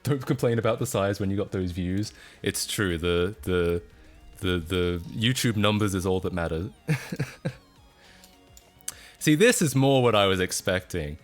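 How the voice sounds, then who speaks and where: A man's voice: low-pitched, unhurried, pauses often, faint music behind. A man chatting casually on a livestream, laughing often and breaking into incredulous outbursts.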